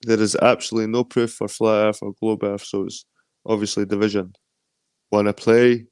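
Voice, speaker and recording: A Scottish man hosts a relaxed stream, reading viewer comments and riffing in a loose, profane, joking ramble. His voice sits on the low side. The sound is close and dry, with no room around it. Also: moderate pace, clear, resonant tone, no echo. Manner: rambling, swearing, loose and jokey. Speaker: stream host.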